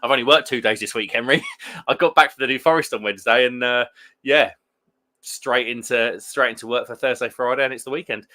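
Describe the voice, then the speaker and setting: A man's voice: medium pitch, brisk, bright, forceful tone. A man hosting a beer live stream, chatting casually and rambling through viewer comments with plenty of restarts. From England.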